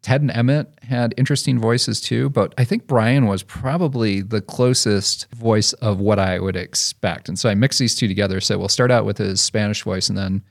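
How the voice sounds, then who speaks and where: A man's voice: lowish voice, fairly even intonation, moderate pace, creaky, few pauses. A man hosting a podcast in a casual, chatty way, laughing often. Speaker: podcast host. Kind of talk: casual chat.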